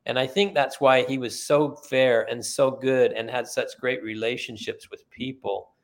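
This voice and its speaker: A retired middle-aged man being interviewed, telling relaxed, anecdotal stories with many fillers. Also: mid-range voice, measured pace, creaky. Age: middle-aged or older, retired. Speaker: guest, author and former company sales leader. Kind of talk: conversational storytelling.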